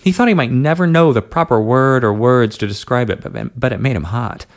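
Guy reading a story out loud, gravelly creaky voice, steady and even. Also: mid-range voice, fairly quick. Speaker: narrator. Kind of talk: reading an adult story aloud.

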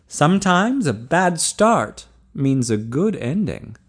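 A man voicing a kindly middle-aged male prison doctor in an audiobook, speaking gently and encouragingly. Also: a little high, sing-song, slow pace, breathy edge, pitched above the performer's own voice, heavily acted.

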